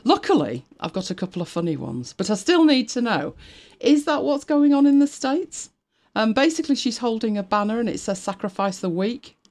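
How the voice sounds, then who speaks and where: A woman's voice: on the high side, big pitch swings, brisk, few pauses, a little mellow. A woman from Britain co-hosting a casual chat stream, sarcastic and chatty, laughing often and thinking aloud as she reads. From United Kingdom. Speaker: co-host of a live stream.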